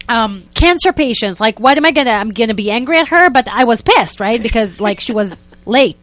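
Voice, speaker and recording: A young woman, a guest telling a story in a lively, casual way and acting out what people said. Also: on the high side, brisk. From Israel. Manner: animated, acts out quotes in other voices, many "like" fillers.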